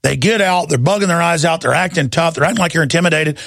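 A high-pitched, gravelly man hosts a radio talk show with an impassioned, ranting delivery. His voice is rough and husky. It sounds dry and close on a studio microphone. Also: quick pace, fairly bright tone, no echo. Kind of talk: heated talk radio monologue.

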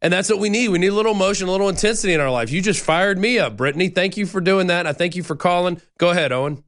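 A man hosting a talk radio call-in show, speaking in energetic, fired-up quick bursts. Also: high-pitched. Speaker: radio host.

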